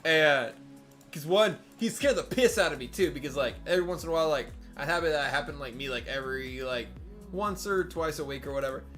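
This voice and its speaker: A man's voice: on the high side, expressive, quick pace, fairly bright tone, faint music behind. Rambling young man on voice chat. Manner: rambling storyteller with constant "like" fillers and swearing. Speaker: gamer on group voice chat. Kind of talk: casual chat.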